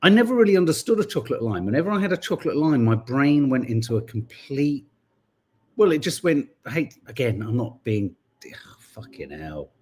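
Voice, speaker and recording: A man's voice: mid-range voice, sing-song, brisk, darkish tone, slightly rough. A middle-aged man hosting a podcast, chatting casually with viewers in a rambling, self-correcting way. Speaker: podcast host. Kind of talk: casual chat greeting live viewers.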